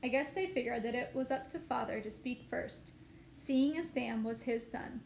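A woman teacher reading a novel aloud with steady, expressive storytelling. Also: on the high side, moderate pace, creaky. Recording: echoey room, faint noise.

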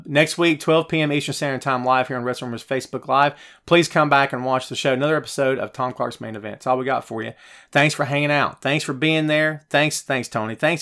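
A male wrestling talk show host ranting at his viewers while he reads out their comments, a bit out of breath. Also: medium pitch. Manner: animated, rhetorical, ranting to viewers. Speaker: podcast host.

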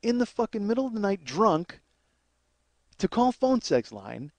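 A man with a notably high voice tells a raunchy personal story as a comedian host. He rambles, swears freely, and keeps repeating and restarting his sentences. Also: sing-song, unhurried, darkish tone, no room sound. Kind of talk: crude comic storytelling.

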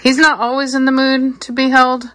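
A woman's voice: sits high, level tone, normal speed, fairly bright tone. Chatty woman at home with her pets. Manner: chatty, affectionate, amused. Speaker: pet owner. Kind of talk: casual home video chat.

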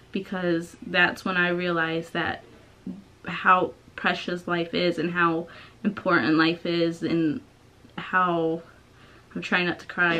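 A woman's voice: fairly low pitch, fairly bright tone, poor audio. A young woman vlogging from home, talking in a hesitant, rambling way with many restarts. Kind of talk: personal confessional vlog.

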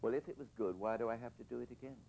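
A man's voice: medium pitch, very fast, gravelly, a little mellow, slight background noise, voice pushed up, lightly acted, poor audio. An older man voicing an indignant, stubborn film star woman in a retold anecdote, defiant and petulant.

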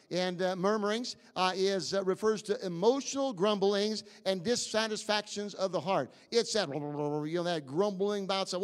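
A male pastor with a very high voice preaches in a church sanctuary, his words ringing in a long hall reverb. He quizzes the congregation, stumbles through fillers and restarts, and builds up to near shouts. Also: moderate pace, hardly any pauses. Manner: emphatic, questioning the congregation, rising to near shouts. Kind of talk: sermon.

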